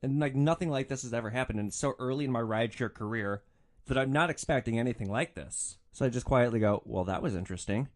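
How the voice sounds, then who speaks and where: A man hosting a podcast, telling rideshare stories in an animated, exasperated and wry monologue. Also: medium pitch, fast. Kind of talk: storytelling monologue.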